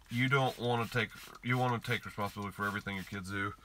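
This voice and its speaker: A man with a fairly low voice tells a story in a loose, rambling monologue, restarting sentences and turning emphatic when he gets worked up. It sounds like a casual podcast recording, with faint background noise. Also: fairly even intonation, a little fast, long pauses, pushed and bright. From Utah, US. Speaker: podcast host. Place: garage and car, indoors and out.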